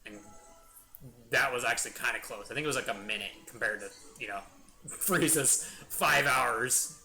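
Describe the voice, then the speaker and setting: A man's voice: medium pitch, moderate pace, pushed and bright. A young man hosting a gaming video, chatting enthusiastically in a rambling let's-play commentary. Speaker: gaming channel host.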